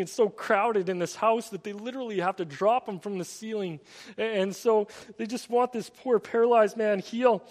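A man preaching a sermon, retelling stories in an animated, storytelling way with many repeated "and"s. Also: high-pitched. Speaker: pastor. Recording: long hall reverb.

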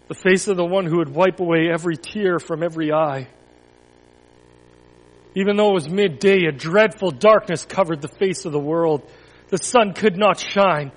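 A high-pitched male pastor in a church reads a children's story and then gives church announcements. He tells it expressively, with dramatic pauses and sudden drops to a near whisper, while a long reverb carries his words around the hall.

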